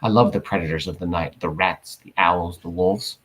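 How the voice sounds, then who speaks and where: A man's voice: low-pitched, steady tone, pitched below the performer's own voice. A man voicing a polite, menacing old male vampire with a faint foreign accent. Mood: contemptuous. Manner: slow, soft-spoken, faint foreign accent.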